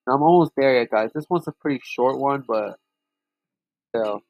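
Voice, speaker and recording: A young man comments on his racing game in a loose, profane, excitable way. His voice sits in a middle pitch with a gravelly rasp. The sound is dry and close. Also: moderate pace, dry recording, faint music behind, poor audio. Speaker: gaming channel host. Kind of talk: casual gameplay commentary.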